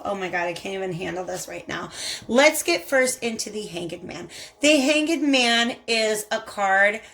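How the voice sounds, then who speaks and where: A woman's voice: mid-range voice, fairly bright tone. A woman with a Southern US accent giving a chatty, effusive tarot reading and talking straight to her viewers. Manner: chatty and effusive, addresses viewers as "you guys". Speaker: tarot reader. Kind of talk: casual spiritual tarot reading.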